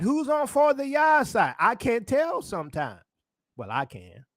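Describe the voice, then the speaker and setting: A man's voice: very high-pitched, wildly swooping pitch, measured pace, a bit bright, dry recording, studio quality. A man preaching in a casual sermon style, hammering points with repeated phrases and rhetorical questions. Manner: emphatic, repetitive rhetorical questions. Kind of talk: street-style sermon commentary.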